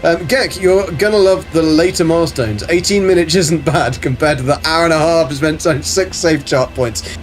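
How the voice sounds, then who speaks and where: A chatty man streams a game live, talking loosely to his viewers and cursing now and then. His voice sits a little high for a man, and faint music runs underneath. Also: brisk, hardly any pauses. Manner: chatty, swearing, greets chat viewers by name. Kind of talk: casual live-stream commentary.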